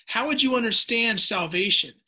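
A middle-aged male preacher delivers a fervent radio sermon, often tripping over and repeating his words. His voice sits high for a man, with a bright, husky edge. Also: normal speed. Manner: passionate, repeats words when excited. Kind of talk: sermon with listener texts.

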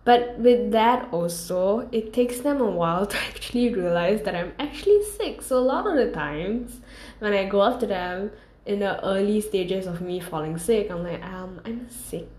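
A young woman talks in a loose, rambling storytime style, candid and full of fillers. Her pitch sits mid-range, and the vlog recording carries a roomy echo. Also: expressive, normal speed, darkish tone. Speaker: vlogger. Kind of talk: casual storytime monologue.

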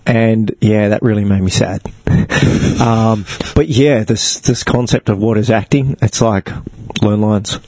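A man's voice: on the low side, steady tone, measured pace, few pauses, a little mellow, no echo. A young man born in Africa, an actor telling long, joking stories in a casual chat lots of fillers. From South Africa. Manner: rambling storyteller, joking, many fillers. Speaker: actor and podcast guest.

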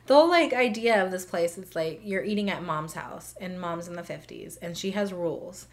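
A woman's voice: lowish voice, moderate pace. A young woman co-hosting a podcast, chatting casually and telling stories with lots of "like" and "um". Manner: chatty storyteller, filler words like "like" and "um". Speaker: podcast co-host. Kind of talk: casual chat.

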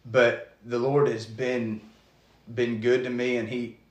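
A man tells his testimony in an earnest, halting way, often restarting his sentences. His voice sits at a middle pitch. The room around him is noticeably echoey. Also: flat delivery. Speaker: guest preacher. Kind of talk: testimony in casual conversation.

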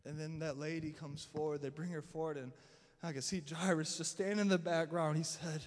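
A man's voice: on the high side, level tone, fairly quick, in a large hall. A man preaching a sermon to his church, telling a scripture story dramatically and voicing the people in it. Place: church sanctuary.

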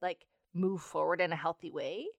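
A woman sharing reflective thoughts in a conversation, often pausing to search for words. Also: lowish voice, steady tone, gravelly, no echo. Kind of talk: conversational talk.

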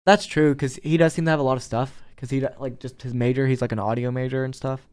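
A young man in a college dorm room, hosting a casual podcast and chatting in a relaxed, rambling way. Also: mid-range voice, fast talker, clear, resonant tone. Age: young adult. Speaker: podcast host. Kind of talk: casual chat.

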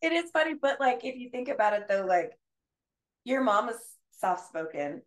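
A woman's voice: a little high, very animated, normal speed. A woman who is a teacher, a guest on a podcast, talking in an earnest, reflective way in a casual conversation. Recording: roomy echoey sound.

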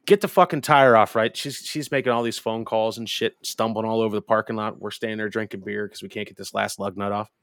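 爱说脏话、讲故事很投入的男人. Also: male voice, fairly low pitch, quick pace, few pauses, dry recording, clean studio sound. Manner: profane, animated storyteller. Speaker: podcast co-host. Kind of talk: casual storytelling chat.

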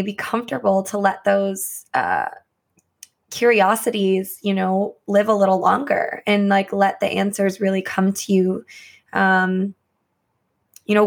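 A woman hosting a casual podcast chat, talking reflectively and rambling a bit, often checking in with "right?" along the way. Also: medium pitch.

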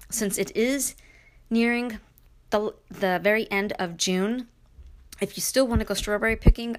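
A middle-aged woman hosting her own podcast, talking casually in a rambling, chatty way full of fillers and restarts. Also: mid-range voice. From Brooklyn, New York. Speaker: podcast host. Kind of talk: casual solo podcast monologue.

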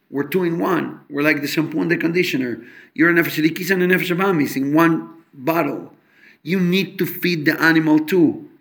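A man giving an animated Torah talk at a fabrengen, explaining with homely examples and mixing English with Hebrew and Yiddish terms. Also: on the high side. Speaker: Torah teacher. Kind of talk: fabrengen talk on Chassidic teachings.

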